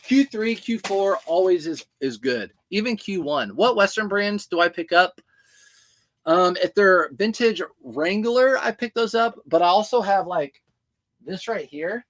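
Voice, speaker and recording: Man, high-pitched voice, casual livestream host, chatty, answering viewer comments, clothing reseller. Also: expressive, measured pace, a bit bright.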